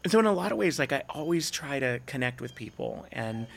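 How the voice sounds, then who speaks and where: Gravelly-voiced man telling lively stories. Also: brisk. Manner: animated, acts out quoted voices with big pitch jumps. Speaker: podcast guest. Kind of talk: casual storytelling chat.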